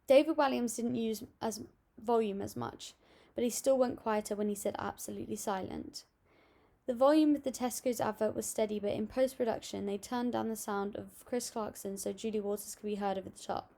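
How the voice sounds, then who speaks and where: A young woman reading out a school assignment on voice techniques, steady and a little halting, with small restarts. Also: a little high, vocal fry. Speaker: student presenting an assignment. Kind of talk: read-aloud school presentation.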